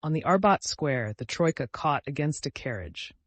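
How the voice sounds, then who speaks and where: A man narrating an audiobook in a measured storytelling voice. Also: a little high, expressive, dry recording. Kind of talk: scripted narration.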